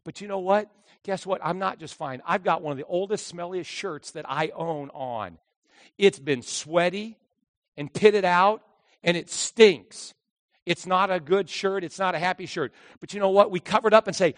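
A man preaching a sermon with passion, swinging from loud outbursts to hushed asides. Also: high voice, lively intonation, normal speed, no room sound. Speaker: pastor. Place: church.

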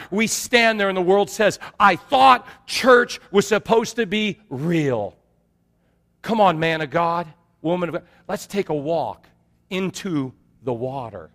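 A male pastor delivers a sermon in a high, bright-edged voice. He preaches in an animated, storytelling manner and calls out for amens. His words ring through a church hall with a long reverb.

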